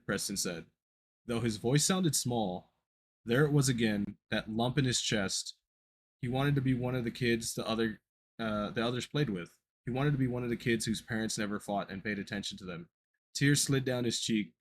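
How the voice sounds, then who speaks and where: A medium-pitched man reads a horror story, a creepypasta, at normal speed on a podcast, where he is a co-host. His casual reading often stumbles, and he corrects himself as he goes, with a little hiss or hum in the audio.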